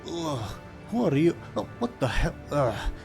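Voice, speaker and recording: A man voicing a gruff, defiant male dwarf prisoner in a tabletop game, boasting and hurling challenges. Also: on the high side, big pitch swings, measured pace, music in the background, voice pushed up, full character voice. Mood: groggy.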